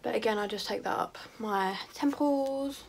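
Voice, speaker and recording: A woman's voice: on the high side, normal speed, a little mellow. A teenage girl talking casually through her makeup routine, chatty and self-mocking, drifting into rambling asides. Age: teens. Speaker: beauty vlogger. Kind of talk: casual makeup tutorial chat.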